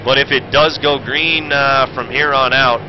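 A man's voice: medium pitch, fairly even intonation, moderate pace. A man giving brash, profane, off-the-cuff commentary on a sim race he hosts. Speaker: sim racing commentator and streamer. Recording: muffled stream audio with loud engine noise. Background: racing game engine noise.

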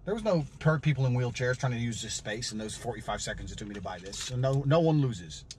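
A man's voice: medium pitch, lively intonation, fast, noisy background. A man delivering provocative monologues in a brash, profane, lecturing way. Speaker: self-styled money and lifestyle guru. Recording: echoey clips with faint music.

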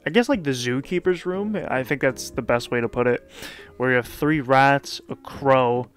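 A man's voice: mid-range voice, faint music behind. A man casually recapping and commenting on a manga chapter in a loose, chatty way, with plenty of fillers. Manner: loose, chatty retelling with frequent fillers and quick laughs.

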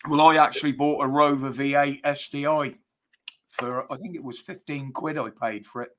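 A man chatting on a live stream, speaking calmly and matter-of-factly. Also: a little high, normal speed. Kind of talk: casual chat.

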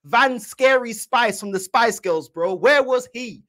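A woman with a London accent hosts a football fan channel, mocking players in thick slang and tagging nearly every line with a question to the viewer. Her voice sits fairly high and rises and falls with great animation. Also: expressive, measured pace, a bit bright. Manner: teasing, slangy, constant filler questions. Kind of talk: casual reaction commentary.

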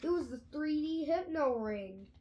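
A woman reading a children's audiobook aloud in an expressive storytelling manner. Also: high-pitched, measured pace, dull audio. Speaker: audiobook reader.

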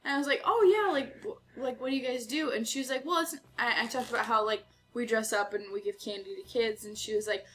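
A woman telling a quick, laughing anecdote in casual chat. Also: a little high, fairly bright tone. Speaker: co-host. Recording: faint game music behind.

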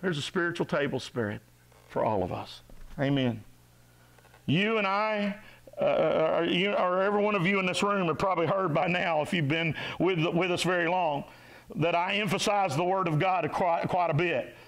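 A man preaching a sermon as pastor, exhorting his congregation, rising to shouts and dropping low. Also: normal speed, poor audio. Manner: animated, exhorting, rises to shouts and drops to low tones. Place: church sanctuary.

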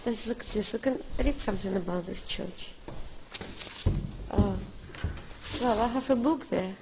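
This is casual vlog narration from a woman holding a camera on a family outing, first outside an old church, then within it. Speaking simple non-native English, she affectionately coaxes her child forward and keeps calling them darling. Her voice sits at medium pitch with a creaky texture and a measured pace, over some background noise.

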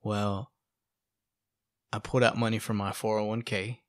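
A man sharing his testimony in a casual, animated storytelling way, often asking "right?" and "you know". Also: lowish voice, fast, no echo, clean studio sound. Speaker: podcast guest sharing testimony.

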